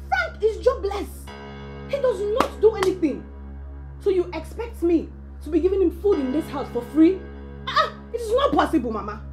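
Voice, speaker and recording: A woman's voice: fairly high pitch, reverberant. An actress playing a defiant wife arguing back to her mother, speaking in a protesting tone. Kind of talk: film drama acting.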